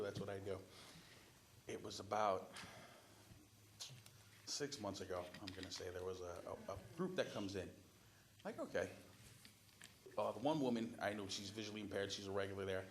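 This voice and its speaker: A man's voice: lowish voice, a little hiss or hum. A man applying for a council seat, answering interview questions in a council chamber with chatty, rambling storytelling. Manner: chatty storytelling, restarts and fillers. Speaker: city council applicant.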